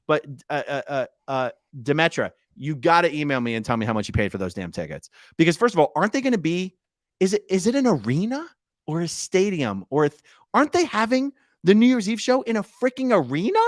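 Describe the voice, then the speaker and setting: A man's voice: a little high, big pitch swings, fairly quick, no room sound, clean studio sound. A man co-hosting a casual podcast, playfully teasing and reading out viewer comments in bursts. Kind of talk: casual chat.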